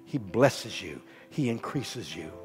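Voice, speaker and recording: Man preaching in a big echoey hall, soft music underneath, repeats lines over and over. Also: fairly low pitch, sing-song, slow pace. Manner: rhythmic repetition, rising to exhortation then dropping soft. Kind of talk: sermon. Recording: long hall reverb with faint music.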